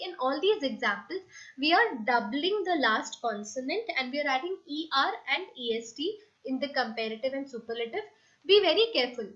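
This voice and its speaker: A woman's voice: high voice, fairly bright tone. A woman, teaching a grammar lesson patiently, step by step, spelling out letters. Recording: dull lo-fi recording.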